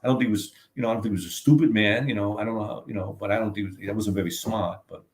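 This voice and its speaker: Swearing and rambling through his stories, an older man appearing as a guest author leans on "you know what I mean" again and again. The voice is lowish and steady, and he speaks very fast.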